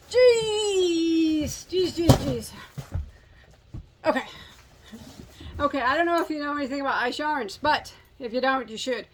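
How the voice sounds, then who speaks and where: A woman's voice: on the high side, a little hiss or hum. Chatty self-mocking woman in her forties. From United States. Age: 40s. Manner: rambling, self-mocking, jokey. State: slightly out of breath. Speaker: crochet channel host. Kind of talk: casual chat.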